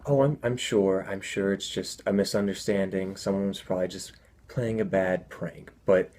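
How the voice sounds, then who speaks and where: A man's voice: low voice, fairly even intonation, normal speed, darkish tone, lightly acted. A man doing a polite, firm store manager. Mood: soothing. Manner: firm but soothing.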